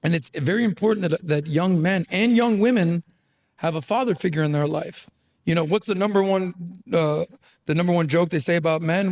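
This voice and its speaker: A man's voice: high voice, normal speed, a little mellow. A man, a guest on a podcast, talking bluntly and animatedly with plenty of swearing and fillers. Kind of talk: casual podcast conversation.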